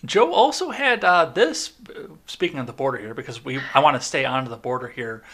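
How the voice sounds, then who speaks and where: A man's voice: medium pitch, animated, brisk, a bit bright. A man hosting a podcast, giving sarcastic, rambling political commentary. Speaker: podcast host.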